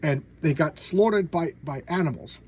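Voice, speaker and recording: Animated man retelling comic stories. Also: a little high, normal speed, husky. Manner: animated, acts out quotes in character voices. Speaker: comic book reviewer. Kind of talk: casual story retelling.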